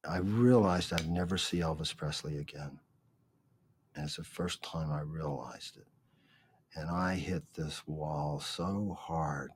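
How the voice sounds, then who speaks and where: A man's voice: very deep voice, a little hiss or hum. A man interviewed for a documentary, telling a personal memory with emphasis.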